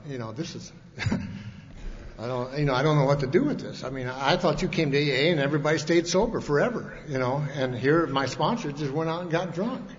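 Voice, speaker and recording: A man at a recovery meeting, telling his own story in a folksy, rambling way with many restarts. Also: mid-range voice. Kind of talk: personal storytelling talk. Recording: echoey hall, dull lo-fi sound, faint hiss.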